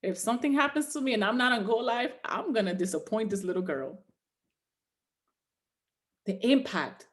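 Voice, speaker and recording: A woman giving a motivational talk to a group call, preacher-like and exhorting, with repeated rallying lines. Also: mid-range voice. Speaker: motivational trainer.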